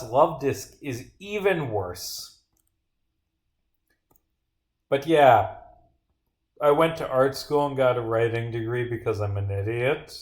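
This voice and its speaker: Young male streamer, middle pitch, rambling and sarcastic, swears a lot, roomy echo. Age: young adult. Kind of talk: casual livestream commentary while gaming.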